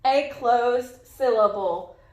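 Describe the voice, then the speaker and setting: A woman's voice: fairly high pitch, takes it slowly, a little mellow, echoey room. A woman teaching a phonics lesson to young children, patiently modeling sounds and words.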